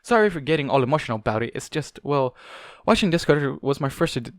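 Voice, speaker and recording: A man's voice: mid-range voice, expressive, quick pace, dry recording, studio quality, lightly acted. A man reading a fanfic aloud, voicing an anxious young female unicorn guard who pleads and apologizes. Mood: tearful.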